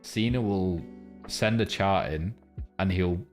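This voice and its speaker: A man's voice: deep voice, slow, darkish tone, soft background music. A man live-streaming, chatting crudely with his viewers and rambling between jokes and a chart lesson. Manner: crude, joking, rambling banter with chat.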